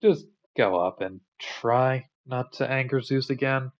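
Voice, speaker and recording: A man voicing a bored, sassy male doorman for the gods, talking in a weary, deadpan drawl. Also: medium pitch, unhurried, lo-fi sound, natural voice.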